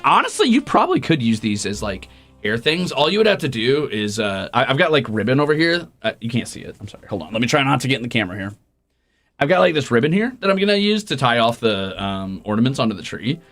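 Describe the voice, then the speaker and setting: A man's voice: medium pitch, very animated, quick pace, a bit bright, soft background music. A man hosting a casual livestream, reading out viewer donations with profane, teasing, mock-grumpy banter. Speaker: streamer.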